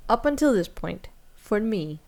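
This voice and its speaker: A woman talks through a novel with her co-host in a loose, chatty way, leaning on fillers as she goes. At times she reads passages aloud. Her voice has a middle pitch. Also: sing-song, unhurried, a little mellow. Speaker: podcast co-host. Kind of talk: casual book club chat.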